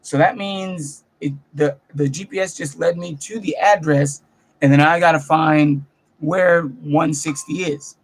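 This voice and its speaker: Brief: young comedian vlogging from his bedroom, high voice, animated, cusses freely. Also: a little slow. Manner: animated, profane, self-mocking storytelling. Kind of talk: casual storytelling vlog. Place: bedroom at home.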